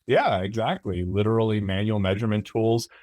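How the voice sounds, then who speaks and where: A man with a low voice, talking as a guest on a podcast. He agrees readily and explains things at length, padding his speech with fillers and restarts. The recording is dry and close. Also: a little fast, darkish tone, no echo. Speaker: camera product manager guest. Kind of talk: casual interview chat.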